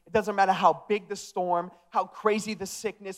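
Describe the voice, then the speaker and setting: A man's voice: high-pitched, moderate pace, few pauses. A young man preaching a sermon with energy, acting out the disciples in casual modern speech. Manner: energetic, acts out the disciples' dialogue. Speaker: pastor.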